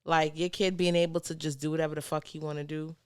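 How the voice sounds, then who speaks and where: A woman's voice: deep voice, little pitch movement, fast talker, darkish tone, smooth, no room sound, studio quality. A young woman co-hosting a podcast in casual chat, speaking frankly and emphatically. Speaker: podcast co-host.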